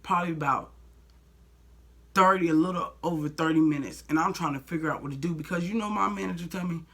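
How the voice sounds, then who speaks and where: A woman's voice: lowish voice, quick pace, a bit bright. A young woman vlogger telling a personal story in a blunt, heated way, full of "like" and swearing. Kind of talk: storytime vlog.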